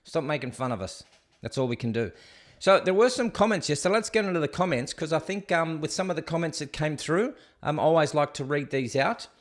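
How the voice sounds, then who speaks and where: A man's voice: a little high, expressive, a little fast. A middle-aged man with an Australian accent hosting a casual solo livestream, chatty and jokey as he rambles and reads viewer comments aloud. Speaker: host.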